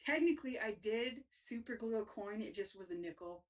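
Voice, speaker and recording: A woman's voice: a little high, expressive, fairly quick, recorded from a distance. Laughing woman telling a story off-mic. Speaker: podcast co-host. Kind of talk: casual storytelling.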